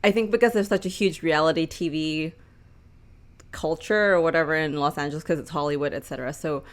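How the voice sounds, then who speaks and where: A young woman co-hosting a relaxed podcast, talking through topics with plenty of fillers and easy laughs. Her voice sits on the low side for a woman. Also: brisk. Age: young adult. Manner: chatty, filler-heavy, laughs easily. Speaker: podcast co-host. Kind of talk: casual chat.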